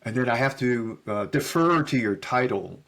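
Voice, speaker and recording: A man's voice: mid-range voice, moderate pace. A middle-aged man, a podcast guest, telling stories in casual conversation and acting out the dialogue he quotes. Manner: animated storyteller who acts out quoted dialogue; casual, with frequent fillers and "right?" tags. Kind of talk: conversational storytelling.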